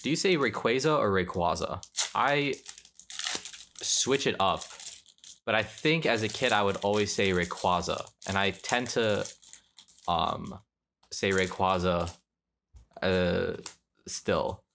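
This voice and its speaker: A young man rips open trading card packs, chatting in a slow, creaky, lowish voice that's a bit bright and pauses often. There's slight background noise, and his offhand talk rambles and corrects itself.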